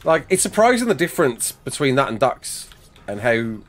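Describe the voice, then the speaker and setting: During a casual live game stream, a young Englishman reads viewer comments aloud and responds to them. His medium-pitched voice swings widely in pitch at a moderate pace, picked up by a desk mic alongside a face cam.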